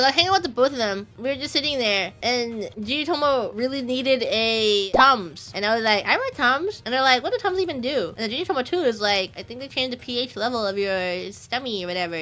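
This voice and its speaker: A woman's voice: a little high, bright, forceful tone. A young woman streamer telling funny stories in casual chat, giggling and acting out her friends' lines.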